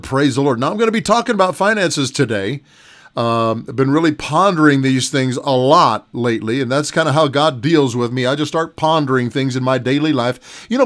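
A middle-aged man preaching a relaxed broadcast sermon, his voice sitting a little high for a man. He talks in a folksy, chatty way, repeating phrases and chuckling often. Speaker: pastor.

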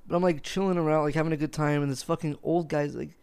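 A male streamer telling a profane, animated story in casual chat. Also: on the high side, quick pace, clean tone.

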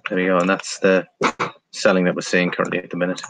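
A man's voice: sits low, completely flat delivery, quick pace, vocal fry, a bit bright, slight background noise. A man hosting a casual live stream, reading viewer comments aloud and talking through price charts, laughing often.

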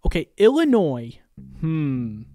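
A woman from New York giving excited gaming commentary, exclaiming often and talking straight to her viewers. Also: sits low, slow pace, soft background music. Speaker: gaming creator.

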